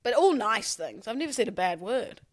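A young man co-hosting a podcast, chatty and quick, telling stories and teasing back. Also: sits high, big pitch swings. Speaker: podcast co-host. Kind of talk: casual banter.

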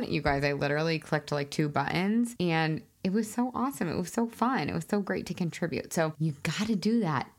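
A woman hosting her own podcast as a weight loss coach, chatting in a bubbly, excitable way full of fillers. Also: low-pitched, moderate pace, few pauses. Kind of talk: casual solo podcast talk.

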